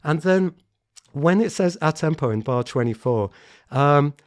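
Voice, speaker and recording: A man teaching a piano piece in a relaxed tutorial, talking thoughtfully and often restarting his sentences. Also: on the high side, unhurried, no room sound. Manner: thoughtful, hesitant, repeats words when starting. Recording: piano playing in the background. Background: piano played between remarks.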